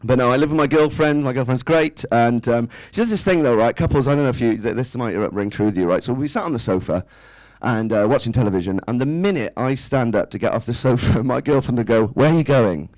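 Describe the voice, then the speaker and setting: A man's voice: mid-range voice, fast talker, few pauses, a little mellow, no room sound, rough recording. A man, doing a stand-up set in a small club, chatty and self-mocking, tossing rhetorical questions at the crowd. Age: 30s. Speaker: stand-up comedian. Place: small indoor comedy club stage.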